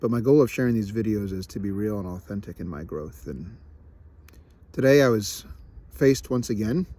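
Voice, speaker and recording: Young man, lower register, confessional vlogger; halting, self-deprecating, frequent restarts. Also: expressive, mellow. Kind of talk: reflective personal vlog.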